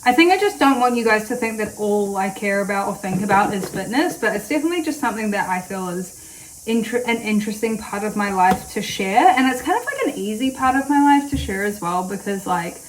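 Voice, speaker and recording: A woman's voice: mid-range voice, lively intonation, brisk, a little hiss or hum, poor audio. Chatty New woman rambling. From New Zealand. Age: late 20s. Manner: rambling, chatty, with frequent fillers. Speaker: vlogger. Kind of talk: casual chat to camera.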